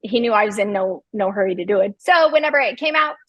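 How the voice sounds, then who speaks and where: Husky middle-aged woman, dry teasing. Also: mid-range voice, lively intonation, fast talker, no echo, muffled recording. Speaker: podcast co-host. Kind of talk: casual storytelling chat.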